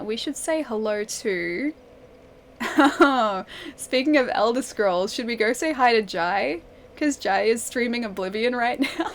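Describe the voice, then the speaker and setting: Chatty, giggly woman streamer, higher voice. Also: a little hiss or hum. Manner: chatty, giggly, reading and answering viewers' messages. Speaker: game streamer. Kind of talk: casual live-stream chat.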